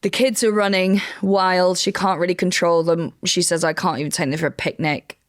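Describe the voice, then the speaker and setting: A woman's voice: fairly low pitch, steady tone, moderate pace. A woman comedian co-hosting a podcast, recounting a true crime story step by step with wry asides. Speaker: comedian co-host.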